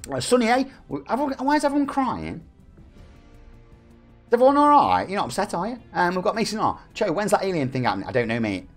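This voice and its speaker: Over music, an Englishman in his 40s streams games and chats with viewers, joking and reading their messages aloud. His voice sits high with big pitch swings, and he talks fast while pausing often.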